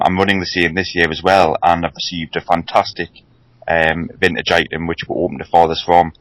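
A man's voice: low-pitched, fairly bright tone, no echo, low-quality recording. A man on a podcast chatting in a hesitant way, with many ums. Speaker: podcast co-host. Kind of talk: casual podcast chat.

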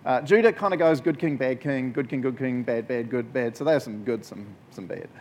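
A man's voice: mid-range voice, brisk. A man giving a casual, jokey Bible talk to a group as a youth preacher. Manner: jokey, conversational, animated storytelling.

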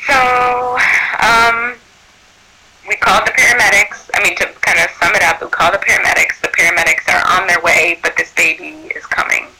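A man who works as a birth doula tells a personal story in an animated way, acting out what people said. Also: sits high, quick pace, creaky, hardly any pauses, breathy edge, low-quality recording. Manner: animated, acts out quoted speech.

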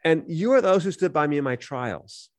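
Here a man with a slightly high voice speaks at a normal speed, reading verses from the Bible and explaining them conversationally as a podcast co-host. He's lively throughout, and the recording carries no room sound.

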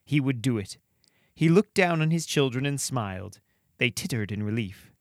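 A man hosting a podcast, reading dark fantasy stories aloud with a measured, expressive delivery and chatting casually between them. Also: medium pitch, dry recording, studio quality. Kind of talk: storytelling narration and casual commentary.

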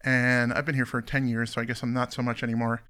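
A man's voice: mid-range voice, little pitch movement, quick pace, pushed and bright, clear, resonant tone. A man from the US East Coast hosting a song countdown podcast, chatting casually with jokey, rambling asides. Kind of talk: casual chat.

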